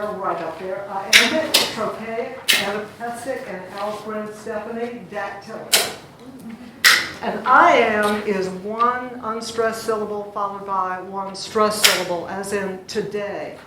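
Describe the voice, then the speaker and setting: A woman with a medium-pitched voice teaches a poetry class in a chatty way, drawing out words to show where the stress falls. A distant recorder picks her up from far off in an echoey room, with heavy background noise.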